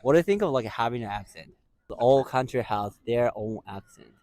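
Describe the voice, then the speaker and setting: Interviewer: man, casual, quick affirmations. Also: mid-range voice, animated, a little mellow, a little hiss or hum. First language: Japanese. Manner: short, frequent nods. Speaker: street interviewer.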